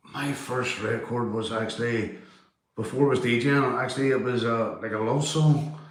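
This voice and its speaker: A man's voice: fairly low pitch, very echoey. A man chatting casually with stream viewers, rambling and swearing, with local slang. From Northern Ireland. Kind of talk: casual live-stream chat.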